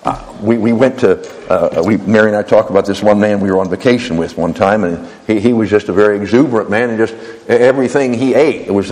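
A man's voice: on the low side, fast talker, a little mellow, in a large hall, poor audio. A man preaching a sermon, often stumbling and repeating words as he goes.

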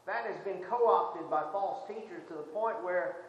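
A man's voice: high-pitched, a little slow, lo-fi sound. A man preaching a morning sermon, earnest and emphatic, often restarting his phrases. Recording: echoey hall with faint noise.

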